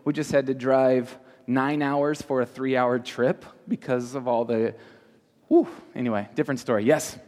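A man's voice: medium pitch, steady tone, darkish tone. A man leading a youth group as their pastor, teaching interactively and firing question after question at the audience. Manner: asks the audience many quick questions. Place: large hall with an audience. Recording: reverberant hall.

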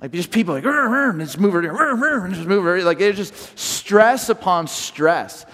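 A man from Southern California preaching a sermon, telling stories in an animated way and often restarting his sentences. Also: sits high, fairly quick, big-room sound. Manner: animated storytelling with repeated restarts. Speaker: pastor.

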